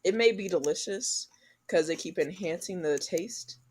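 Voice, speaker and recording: A woman's voice: on the low side, normal speed, a little mellow, slight background noise, poor audio. A young woman from the United States co-hosting a podcast, chatting casually and animatedly, often laughing and slipping into joking voices. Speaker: podcast co-host. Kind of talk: casual chat.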